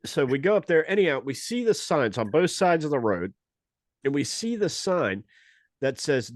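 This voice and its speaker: A man's voice: fairly high pitch, big pitch swings, normal speed, dry recording, studio quality. Man telling a rambling comic story. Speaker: podcast guest, comedian. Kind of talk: casual storytelling chat.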